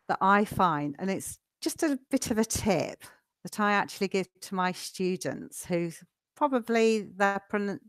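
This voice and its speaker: A woman teaching a live online English lesson, chatty and patient, slowing down so learners can follow. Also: mid-range voice, no room sound, studio quality.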